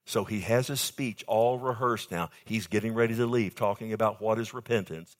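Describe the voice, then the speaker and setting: Speaking at a normal speed in a voice on the low side, a man delivers an emphatic sermon. He moves from hushed stretches to loud bursts and asks the congregation for a response.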